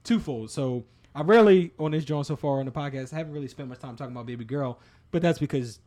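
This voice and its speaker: A young man co-hosting a casual podcast about fatherhood, chatting in relaxed slang and getting animated when he tells stories. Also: medium pitch, quick pace. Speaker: podcast co-host.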